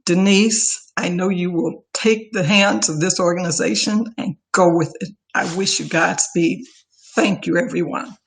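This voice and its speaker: A woman's voice: fairly low pitch, unhurried, gravelly. An older woman, close to tears, giving a heartfelt farewell speech of thanks as an outgoing organization leader over a video call. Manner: heartfelt, emotional, lists names warmly.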